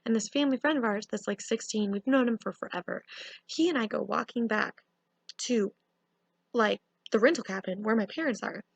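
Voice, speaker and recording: A young woman telling a casual storytime, animated and full of fillers. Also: a little high, a little fast, creaky, husky, dry recording. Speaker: vlogger.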